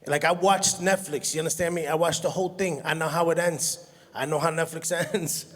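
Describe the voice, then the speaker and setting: High-voiced New comedian in a reverberant hall. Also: male voice, fairly quick. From Brooklyn, New York. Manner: animated storytelling, laughs at his own jokes. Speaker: stand-up comedian. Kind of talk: stand-up comedy set. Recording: long hall reverb from a live venue.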